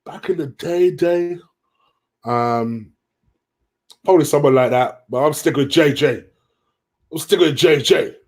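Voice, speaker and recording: A man hosting a casual live stream, reading viewers' questions aloud and answering them in a chatty way. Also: mid-range voice.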